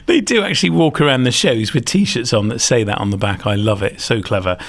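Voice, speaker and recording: A man's voice: mid-range voice, a little fast. A man hosting a podcast, chatting enthusiastically and giving advice with plenty of fillers. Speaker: podcast host. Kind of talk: casual chat, giving advice.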